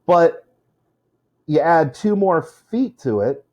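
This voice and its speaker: A man's voice: a little high, big pitch swings, slow pace, mellow, dull audio. A man teaching a casual lesson on poetry, chatty, with many fillers, stopping to correct himself. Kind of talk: informal classroom lesson.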